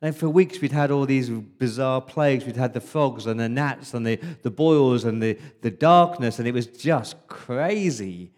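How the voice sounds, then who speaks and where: A man preaching as an Israelite firstborn boy, telling the Passover night story in the first person, hushed in its dark moments. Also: mid-range voice, measured pace, few pauses, lightly acted. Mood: wondering. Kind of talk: first-person dramatic monologue in a sermon.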